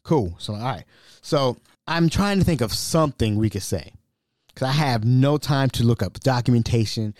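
Animated male podcast host, dry sound. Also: medium pitch, normal speed, no room sound. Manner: animated, exasperated retelling. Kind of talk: casual storytelling.

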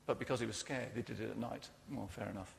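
Preacher in a reverberant hall. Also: male voice, fairly low pitch, steady tone, quick pace, creaky, slight background noise. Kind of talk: sermon.

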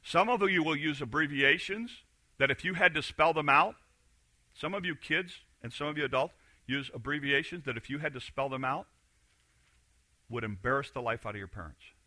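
A man preaching a sermon as pastor, swinging between loud emphatic lines and quiet, confiding asides. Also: fairly high pitch, normal speed, no echo.

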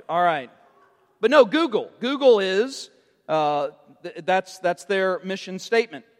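A man's voice: sits high, a bit bright, in a large hall. A man preaching a sermon as a pastor, quizzing and teasing his congregation with playful jokes.

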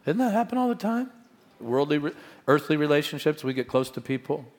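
A middle-aged male pastor preaching a sermon, swinging between loud proclamations and quiet asides. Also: a little high, sing-song, a little fast, in a large hall.

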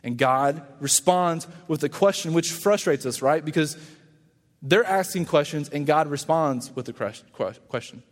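A man pastor giving a casual, conversational sermon and acting out quoted lines in lively voices. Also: fairly high pitch, normal speed, long reverb tail.

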